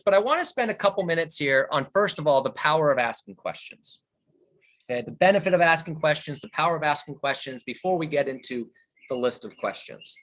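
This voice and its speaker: A man with a slightly higher voice leads a virtual sales training. He speaks with animated energy and shifts his tone and speed to show how a question can land. The sound is the plain audio of a video call.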